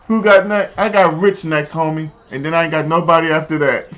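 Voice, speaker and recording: A man streaming a football video game, chatting casually and telling stories in an animated, slangy way. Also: a little high, brisk, muffled recording. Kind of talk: casual live-stream chat while gaming.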